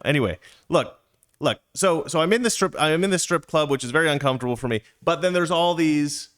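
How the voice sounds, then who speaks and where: A man's voice: mid-range voice, a bit bright. A middle-aged man telling a rambling, chatty story as a casual monologue, with playful asides.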